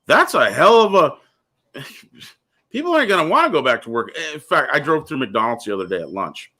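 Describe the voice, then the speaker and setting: A man's voice: medium pitch, very animated, normal speed, bright, forceful tone. A man hosting a casual talk show, speaking bluntly and ranting, often calling the listener "dude.". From California. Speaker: podcast host.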